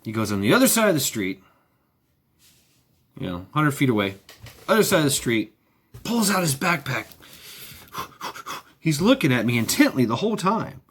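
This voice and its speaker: A man's voice: medium pitch, big pitch swings, normal speed, pauses often, breathy edge. A man vlogging in a sarcastic ranting monologue, repeating himself, swearing freely and firing off rhetorical questions.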